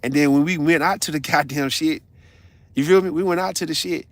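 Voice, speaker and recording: A man, ranting on a casual livestream in a blunt, profane, animated storytelling way. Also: fairly high pitch, fairly quick, dry recording. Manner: blunt, confrontational.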